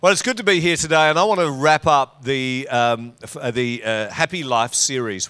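A man's voice: medium pitch, sharp tone, clean tone. A middle-aged man with an Australian accent, preaching a sermon to his congregation in a church, full of teasing banter and jokes. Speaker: pastor. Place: church auditorium.

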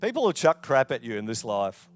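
A man, a pastor preaching a sermon, with loud emphatic lines and quiet asides. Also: medium pitch, huge pitch swings, a little fast, faint music behind. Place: church.

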